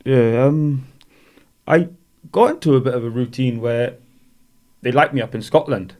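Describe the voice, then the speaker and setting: A former boxer from Wales tells rambling stories as a guest in a podcast interview, laughing his way through them. His voice is medium-pitched with a darkish tone and a moderate pace.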